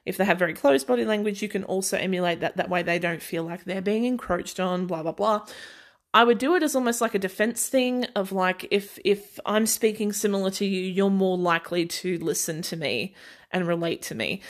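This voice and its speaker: A woman's voice: medium pitch, a little fast. An Australian woman hosting a podcast, talking casually on her own in a chatty, sarcastic way and laughing often. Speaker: podcast host. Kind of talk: casual solo chat.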